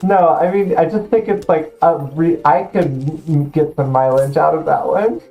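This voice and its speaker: A woman's voice: low voice, moderate pace, creaky, muffled recording, faint music behind. A woman streaming a game with a friend, chatting casually and riffing playfully on silly made-up characters. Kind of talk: casual gaming chat with improv bits.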